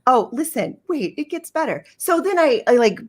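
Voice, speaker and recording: A woman guest on a podcast, chatting casually as an emphatic, animated storyteller who acts out her quotes. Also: high-pitched, moderate pace. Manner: emphatic, lots of fillers and restarts. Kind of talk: casual chat.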